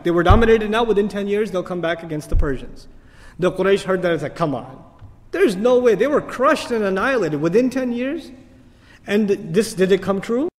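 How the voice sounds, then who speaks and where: A man giving an animated religious lecture as an Islamic teacher, telling stories and asking rhetorical questions. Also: high voice. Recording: long hall reverb.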